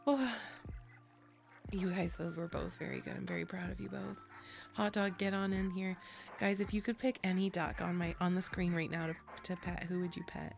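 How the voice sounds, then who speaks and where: Giggly American woman streamer, gravelly. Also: on the low side, brisk, faint music behind. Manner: giggly, chatty, gets loudly excited. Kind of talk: casual chat with viewers.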